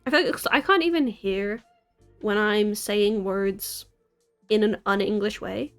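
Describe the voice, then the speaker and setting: A woman's voice: mid-range voice, measured pace, clean tone, faint music behind. A young American woman in her twenties, chatting casually on a live stream from her city apartment, rambling and giggling at herself. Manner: rambling, giggly, self-deprecating. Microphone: desk mic.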